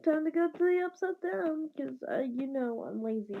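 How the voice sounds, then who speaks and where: A young woman with a high, expressive, gravelly voice casually improvises a fan story at normal speed, rambling and stumbling through many fillers with some whispered asides. The dull lo-fi recording carries slight background noise.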